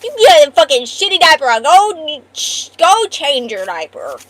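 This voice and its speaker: A woman's voice: high-pitched, very animated, normal speed, fairly bright tone. A woman streamer in casual live-stream chat, trading profane, playful mock-angry banter.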